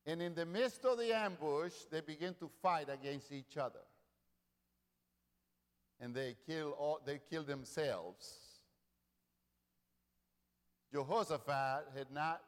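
A man preaching a sermon, repeating lines, swelling loud and falling quiet. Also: a little high, takes it slowly, pauses often. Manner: rousing preaching with repetition, rising and dropping in volume. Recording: long reverb of a large hall.

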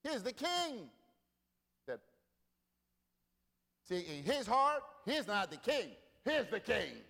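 A man preaching a sermon, repeating lines, swelling loud and falling quiet. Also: high voice, huge pitch swings, takes it slowly, vocal fry. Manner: rousing preaching with repetition, rising and dropping in volume. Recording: long reverb of a large hall.

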